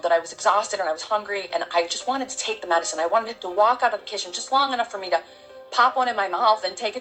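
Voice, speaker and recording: A middle-aged woman, an interview guest, gives a halting, heartfelt personal testimony full of restarts. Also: on the low side, fairly bright tone, rough recording.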